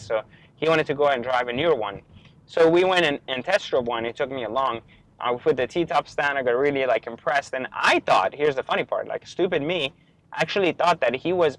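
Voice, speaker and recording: A man's voice: medium pitch, low-quality recording. Chatty man telling a motivational story. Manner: storytelling, lively, many fillers like "like" and "uh". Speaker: entrepreneur answering viewer questions. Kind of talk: casual motivational monologue.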